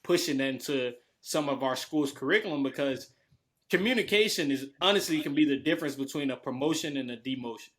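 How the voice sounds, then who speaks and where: A man's voice: mid-range voice, fairly quick, a bit bright. A young man co-hosting a podcast, talking earnestly and emphatically in casual discussion, often asking "you know what I'm saying". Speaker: podcast co-host.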